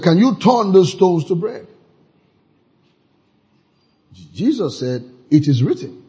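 A man's voice: on the high side, warm tone, breathy edge, dull audio. A man preaching a sermon, reading scripture aloud and firing questions at the congregation, rising to emphatic peaks. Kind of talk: call-and-response sermon.

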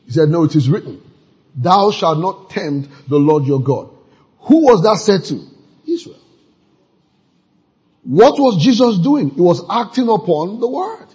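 A man's voice: sits high, lively intonation, a little slow, mellow, husky, rough recording. A man preaching a sermon, reading scripture aloud and firing questions at the congregation, rising to emphatic peaks. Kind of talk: call-and-response sermon.

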